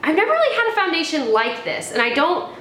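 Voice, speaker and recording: A young American beauty vlogger reviews products in a casual chat, her voice very high-pitched and fairly bright, with huge pitch swings and a quick pace. She rambles chattily, full of fillers and restarts. The room echoes, with faint background noise.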